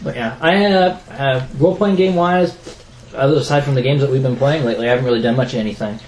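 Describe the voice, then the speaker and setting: A man's voice: mid-range voice, fast, a little mellow. A man co-hosts a gaming podcast in a loose, rambling chat that stops and restarts often. His voice rings in an echoey room over a faint hiss. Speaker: podcast co-host. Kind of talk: casual chat.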